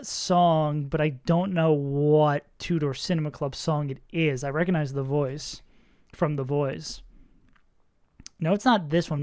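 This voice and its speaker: A young adult streamer chatting casually with viewers and reacting aloud while playing a game. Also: medium pitch. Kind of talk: casual gaming stream chat. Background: faint music.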